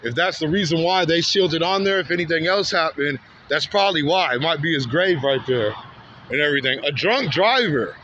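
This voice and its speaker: Speaking briskly with lively intonation, a fairly high-voiced vlogger from Santa Ana, California sounds pushed and bright while telling a story on a street outdoors. The sound is lo-fi with slight background noise. His walking-vlog tale is rambling, repetitive, and heated, lines often ending in "man" or "bro."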